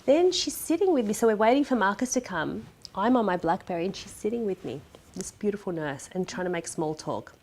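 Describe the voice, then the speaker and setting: A woman guest in a casual sit-down chat, an animated storyteller who acts out the dialogue. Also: mid-range voice, fairly quick, slight background noise. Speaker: interview guest.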